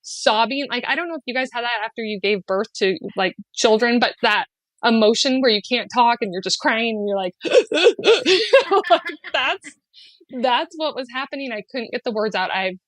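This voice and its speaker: A woman's voice: moderate pace, no echo. A middle-aged woman, a podcast guest, telling an emotional personal story, raising her voice for quotes and laughing often. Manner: animated, quoting with raised pitch and laughing.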